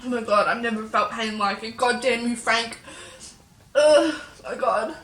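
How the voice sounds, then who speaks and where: A woman's voice: on the high side, level tone, a little fast, bright, forceful tone. A young woman vlogging a chili challenge, panicky and exclaiming, teary and in pain. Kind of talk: casual vlog chat. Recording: echoey room with faint noise.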